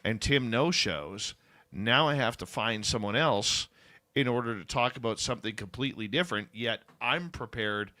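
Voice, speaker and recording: Male radio host, bright close dry sound, chatty and informal, upbeat promo reads. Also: medium pitch, moderate pace, dry recording. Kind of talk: casual radio chat and show promos.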